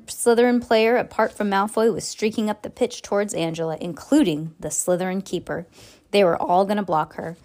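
A woman podcast host reading a book aloud, expressive, with small restarts and asides. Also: medium pitch. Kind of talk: casual read-aloud storytelling.

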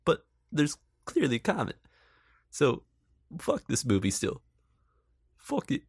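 Man, sarcastic film commentary, profane, laughs a lot, gravelly, dry. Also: fairly high pitch, huge pitch swings, slow, no room sound. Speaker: movie reaction commentator. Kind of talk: casual film review commentary.

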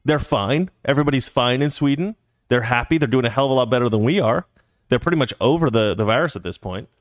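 A man's voice: medium pitch, lively intonation, fast talker, no room sound, clean studio sound. A man co-hosting a casual talk show, reading news stories aloud and commenting in a sarcastic, heated, mock-serious way.

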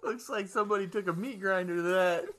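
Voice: mid-range voice, fast talker, fairly bright tone. A co-host in casual comedic chat, teasing and laughing, feeding jokes with questions.

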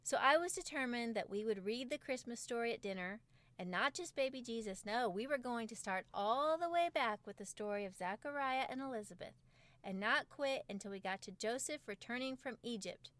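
A woman's voice: a little high, lively intonation, a little fast, a bit bright, no room sound. A woman in her forties, a podcast host, reading her own parenting book aloud with wry, self-mocking humor.

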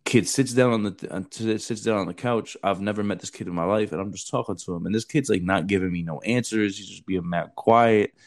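A man's voice: on the low side, fairly quick, hardly any pauses. Blunt, profane man telling stories. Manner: blunt, profane, says bro a lot. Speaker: podcast host, former Marine recruiter. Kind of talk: casual storytelling chat.

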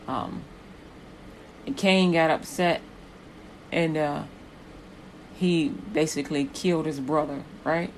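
A woman's voice: sits low, a little hiss or hum, rough recording. A woman preaching a sermon with rhythmic repetitions that build in intensity.

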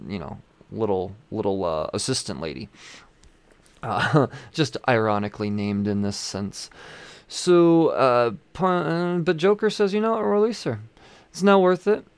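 Low-voiced man rambling about comics. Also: very animated, a little slow, clean tone, no echo. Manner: rambling, profane, chuckling. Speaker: comic book reviewer. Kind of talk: casual comic recap.

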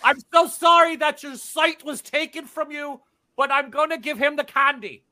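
A man doing a bright, eager tinker peddler. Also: sits high, normal speed, no echo, exaggerated voice. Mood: loud. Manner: eager salesman, rambling and excitable. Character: pushy, chatty male traveling tinker peddler.

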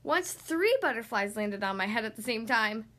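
A woman voicing a boastful, hyper little girl duck who shouts and brags. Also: a little high, lively intonation, moderate pace.

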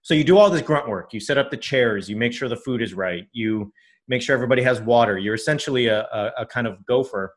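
A man's voice: mid-range voice, quick pace. A middle-aged man casually telling a personal story on a podcast, rambling with many fillers and restarts.

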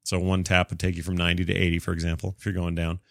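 A low-pitched man hosts a casual podcast, reading listener mail and riffing on it in a chatty, self-deprecating way with frequent restarts. His voice sounds close and dry on the mic, with no room echo. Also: completely flat delivery, racing, gravelly. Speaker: podcast host.

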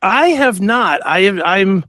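Guy with a pretty high voice hosting a chat, fanboying, dry close sound. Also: expressive, slow pace, bright, forceful tone, no echo. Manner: enthusiastic fan, laughs along. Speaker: interview show host. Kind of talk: casual interview chat.

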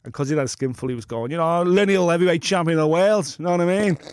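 A man's voice: a little high, quick pace, clean tone. A man co-hosting a podcast, telling a long rambling anecdote with swearing and laughter. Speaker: podcast co-host. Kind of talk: casual storytelling chat.

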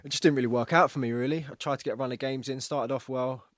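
A man telling stories in a casual podcast interview, animated and swearing, acting out what others said. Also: medium pitch, fast, no room sound, studio quality. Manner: animated storyteller, acts out quoted dialogue, swears. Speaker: guest, retired footballer.

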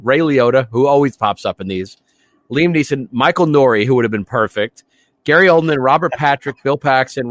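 A man's voice: mid-range voice, no room sound. A man co-hosting a movie podcast, chatting casually and enthusiastically about films, rambling with restarts. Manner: enthusiastic, rambling, laughs often. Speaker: podcast co-host.

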